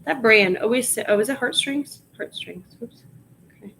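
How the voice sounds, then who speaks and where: This reseller, a woman with a Long Island accent, mutters and reads her listings aloud to herself as she types during a casual livestream. Her voice is fairly high and a bit bright, with vocal fry, at an ordinary pace. Slight background noise sits under a rough recording.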